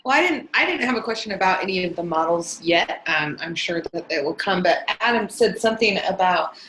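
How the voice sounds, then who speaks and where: A woman in a coaching class hesitantly asking a question, pausing to search for her words. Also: on the low side, expressive, fairly bright tone, reverberant, slight background noise, rough recording. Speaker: class participant. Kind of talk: casual group discussion.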